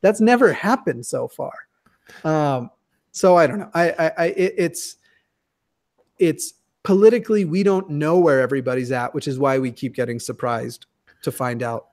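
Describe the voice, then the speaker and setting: A man chatting casually on a video call, joking and self-deprecating, with halting restarts. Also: a little high, darkish tone.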